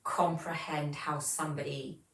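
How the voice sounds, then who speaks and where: A woman's voice: deep voice, flat delivery, a little slow, fairly bright tone, roomy sound, distant mic, rough recording. A woman, hosting a casual livestream and chatting as she reads viewer comments aloud. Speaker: livestream host.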